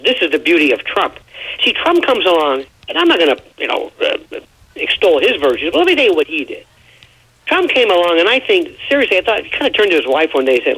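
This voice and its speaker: A man on a radio talk show giving his opinions in an emphatic, rambling, animated way. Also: high voice, husky, rough recording. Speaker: radio commentator.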